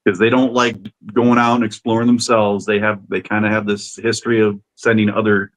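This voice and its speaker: A man's voice: on the low side, little pitch movement, fairly quick, rough recording. Man joking around on a podcast. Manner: playful, jokey. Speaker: podcast co-host. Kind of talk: casual chat.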